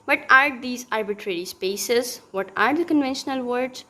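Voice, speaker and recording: A woman's voice: a little high, moderate pace, sharp tone. A young woman giving a recorded linguistics lesson, explaining step by step with many fillers and restarts. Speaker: teacher.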